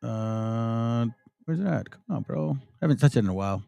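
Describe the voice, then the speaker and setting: A man's voice: medium pitch, lively intonation, normal speed, vocal fry, warm tone, clean tone, dry recording, dull audio. A man teaching scripture in a casual, slang-laced style, reading verses aloud and explaining them.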